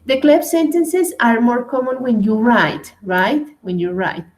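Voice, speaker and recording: A woman whose first language is Spanish, teaching an English grammar class at a slow, hesitant pace and often checking in with "right?". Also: on the high side, darkish tone, poor audio.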